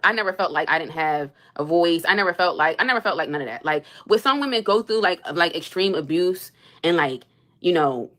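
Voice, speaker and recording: Her voice is fairly low with a fairly bright tone as this young woman, a livestreamer answering super chats, rants heatedly about her marriage. She's exasperated and emphatic, going over her points more than once.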